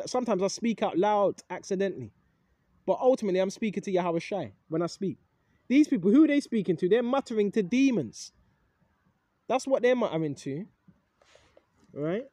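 A man's voice: extremely high pitch, dark tone, no echo. A man giving an informal, rambling Bible lesson, emphatic and swearing casually, forever asking "right?". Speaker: preacher.

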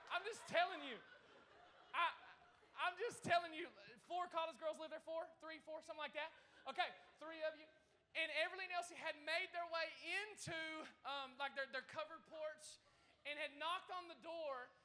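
A man in his thirties preaching a sermon to a church congregation, telling a story in an animated way. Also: very high-pitched, moderate pace, slight background noise. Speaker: pastor. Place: church service.

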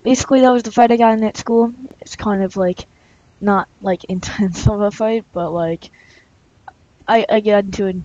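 A chatty woman vlogger tells a story in a loose, casual way, full of fillers and laughing asides. Her voice is mid-pitched for a woman and comes through a muffled, lo-fi recording. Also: fairly even intonation, moderate pace, warm tone. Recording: dull lo-fi recording.

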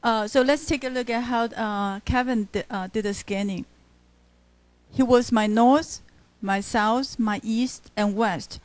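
Higher-voiced woman lecturing on poetry. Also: a little slow, dry recording. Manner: explains and reads lines aloud to show stresses, checks with students. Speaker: literature professor. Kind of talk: classroom lecture mixing English and Mandarin. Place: university classroom.

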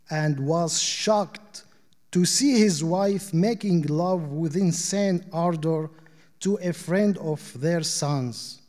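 A man reading short fables aloud at a literary panel in a measured, deliberate way. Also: a little high, dark tone. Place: arts center auditorium. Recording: long hall reverb.

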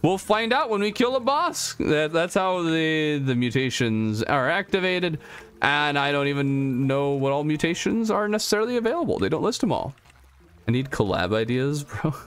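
A man's voice: a little high, sing-song, normal speed, clear, resonant tone. A young man streaming a game live, chatting casually and reading chat aloud, a bit easily startled, on a desktop mic. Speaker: gaming streamer.

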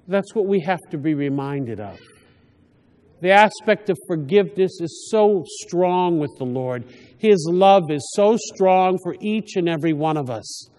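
A priest with a high, light voice delivers a homily, speaking plainly and often stopping to restart a thought. His words ring out with the long reverb of a church. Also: darkish tone. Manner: conversational, halting with frequent restarts.

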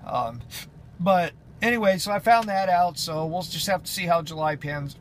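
A man's voice: sits high, moderate pace, a little hiss or hum. A man who drives runs chatting casually in a vlog update, rambling with many fillers and restarts. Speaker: truck driver vlogger.

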